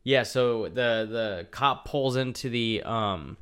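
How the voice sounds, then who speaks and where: A man's voice: medium pitch, slow, a bit bright, clean tone. A young man co-hosting a podcast, casually recapping a TV episode and laughing often. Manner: laughs often, loose and chatty. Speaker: podcast co-host.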